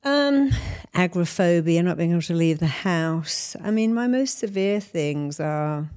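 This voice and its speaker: Low, mellow-voiced woman therapist explaining. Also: expressive, a little slow. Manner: explanatory, uses examples and analogies. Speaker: therapist and hypnotist guest. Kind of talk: interview answers.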